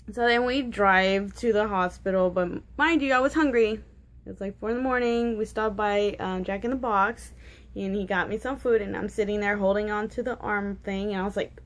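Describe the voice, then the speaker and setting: At a normal speed and middling pitch, a young woman in her twenties tells a story in a loose, chatty vlog, addressing her camera directly. She rambles with lots of "like" and "um," restarts frequently, and gets candid and slightly giggly over awkward details.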